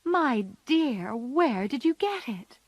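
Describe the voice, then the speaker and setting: A loving, calm mother of four girls, as a woman reader puts her on, speaking slowly and tenderly in a storybook reading. The sound is close and dry. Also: sits high, no room sound, pitched above the performer's own voice, full character voice.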